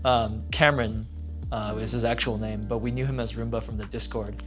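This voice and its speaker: A man's voice: fairly low pitch, level tone, a little fast, over music. A man co-hosting a casual chat podcast, explaining things step by step with many "um" fillers. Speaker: podcast co-host.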